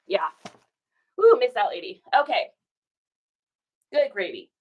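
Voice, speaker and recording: A woman's voice: sits high, wildly swooping pitch, takes it slowly, long pauses, bright, forceful tone. A woman hosting a casual live stream while shipping orders, chatting folksily, telling stories and reading viewer comments aloud. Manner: folksy, says y'all.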